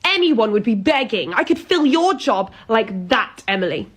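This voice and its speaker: A woman voicing a pompous, bossy female pub manager who scolds in a high, indignant voice for an animated comedy sketch. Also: normal speed.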